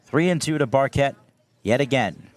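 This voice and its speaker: A young man doing baseball play-by-play commentary, steady between pitches and climbing high and loud on big plays. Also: normal speed. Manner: steady calls that rise sharply on big plays. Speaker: play-by-play announcer.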